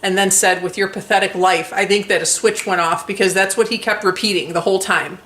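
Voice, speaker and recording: A woman co-hosting a casual chat, telling stories in an excitable, animated way with many fillers. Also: medium pitch, fairly quick, echoey room. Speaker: co-host.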